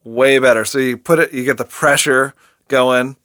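A man's voice: medium pitch, fairly even intonation, moderate pace, fairly bright tone, no echo, clean studio sound. A man co-hosting a podcast, making easygoing, enthusiastic recommendations in casual chat. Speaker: podcast co-host.

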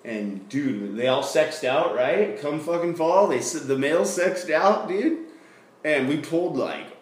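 A man's voice: a little high, expressive, measured pace, reverberant. A man telling a long story in casual chat, swearing often and laughing through it.

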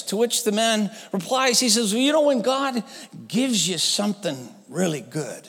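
A man preaching a sermon as pastor, telling a story with lively swings in pitch and frequent restarts. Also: moderate pace, in a large hall. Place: church sanctuary.

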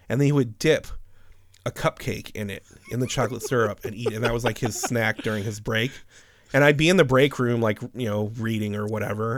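A man hosting a podcast casually recounts a funny workplace story, swearing often and laughing frequently in an animated way. His mid-range voice comes with a bit of hiss or hum.

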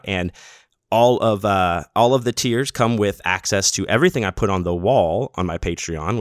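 A middle-aged man, a podcast host, giving casual, enthusiastic shout-outs full of slang and bursting louder on names. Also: deep voice, no room sound, clean studio sound.

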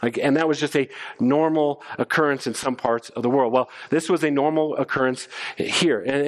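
Man, middle-aged, preaching, animated, stammering restarts, slightly high voice. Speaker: pastor. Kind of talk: sermon.

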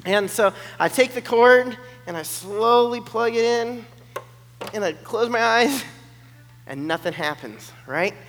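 High-voiced man telling an animated story. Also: slow, a little hiss or hum. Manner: animated, acts out the other people's voices. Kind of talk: personal storytelling. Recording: long hall reverb.

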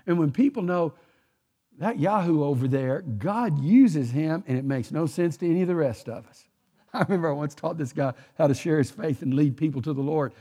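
An older man with a Texan drawl preaches a sermon in a church, swinging from folksy jokes to emphatic repeated lines. His voice sits fairly high for a man and moves with wide, animated swings. The tone has a slightly husky edge. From Texas. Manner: folksy, joking asides, emphatic repetition. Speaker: pastor. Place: church sanctuary.

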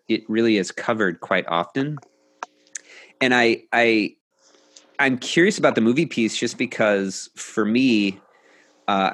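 A man with a low, deep voice talks in a reflective, measured way, pausing often as he thinks aloud. His voice is close and dry, with no room sound. He speaks as a coach hosting a casual podcast conversation. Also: fairly bright tone, no room sound. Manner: reflective, measured, many pauses and fillers. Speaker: coach and host.

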